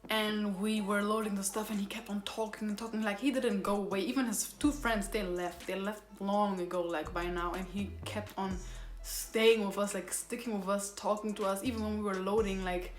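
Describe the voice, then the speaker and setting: A woman's voice: mid-range voice, fairly even intonation, moderate pace, roomy sound. A young woman vlogger telling a casual storytime, rambling and using a lot of fillers. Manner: rambling retelling, filler-heavy with constant "like".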